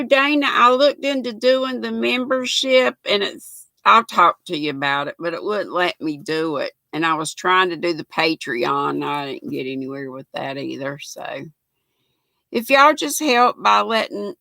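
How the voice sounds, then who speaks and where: An American woman, older and lowish-voiced, runs a laid-back livestream in a gravelly, fry-tinged voice that brightens at the top, speaking a little slowly. She reads viewers' comments, chats warmly, laughs easily, and thanks people again and again. The sound is close and dry with no echo.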